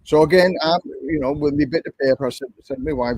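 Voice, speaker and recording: Husky older Englishman telling a story. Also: a little high, quick pace, hardly any pauses, darkish tone, no room sound, low-quality recording. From England. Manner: chatty, repetitive, conversational storyteller. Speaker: livestream host. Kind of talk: casual livestream storytelling.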